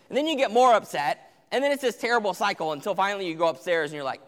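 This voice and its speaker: A man's voice: high-pitched, expressive, fast, hardly any pauses, a bit bright. A young man giving a conversational sermon to teenagers, acting out what parents and kids say. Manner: conversational, acts out parent and teen quotes. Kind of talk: sermon to teens. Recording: long hall reverb.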